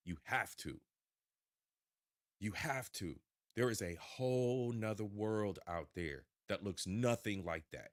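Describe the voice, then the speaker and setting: Reaction host, male, slightly low voice, dry studio sound, swears and preaches. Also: slow pace, no echo. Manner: animated, preachy, swears, addresses viewers directly. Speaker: reaction commentator. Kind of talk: casual profane reaction commentary.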